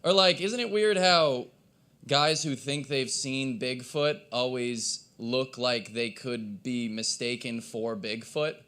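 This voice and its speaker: Hoarse man rambling through stand-up. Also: medium pitch, slow, fairly bright tone. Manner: rambling, self-deprecating, trailing off. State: hoarse, cracking voice. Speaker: stand-up comedian. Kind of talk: stand-up comedy set. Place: live open mic in a coffee shop.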